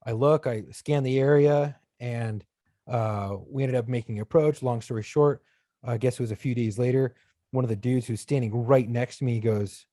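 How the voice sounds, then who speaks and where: Man, mellow warm voice, dry close mic, relaxed plainspoken anecdote, podcast co-host. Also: medium pitch, moderate pace, dry recording. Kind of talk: casual podcast chat.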